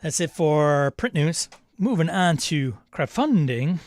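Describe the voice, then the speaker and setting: A man's voice: a little high, lively intonation, slow pace, no room sound, studio quality. Chatty man hosting a live stream. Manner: chatty, rambling, reads chat aloud. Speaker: host. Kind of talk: casual live-stream chat.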